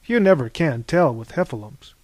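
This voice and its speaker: A man doing squeaky high Prometheus. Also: animated, normal speed, no echo. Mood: musing. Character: small squeaky male friend, whimsical.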